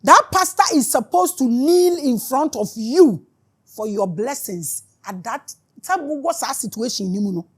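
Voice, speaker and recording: She speaks slowly in a high, husky, animated voice. A spiritual teacher with a Ghanaian accent, she gives a fiery, scolding spiritual talk, switching between Twi and English with real passion.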